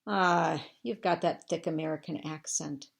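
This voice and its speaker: A woman's voice: sits low, fairly even intonation, a little slow, creaky. A woman reading aloud, voicing a wartime rescue worker who teases and doubts his partner. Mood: teasing. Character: teasing wartime rescue worker man, skeptical.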